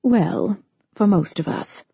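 A woman narrator voicing a gentle, loving elderly grandmother who speaks in a soothing, patient way. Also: medium pitch, takes it slowly, gravelly, breathy edge, no room sound, muffled recording, exaggerated voice.

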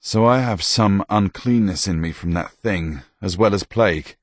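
A man voicing a gravely ill soldier who speaks tersely and weakly. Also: deep voice, moderate pace, dry recording. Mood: weary. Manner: weak, terse. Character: gravely ill male soldier, weary and blunt.

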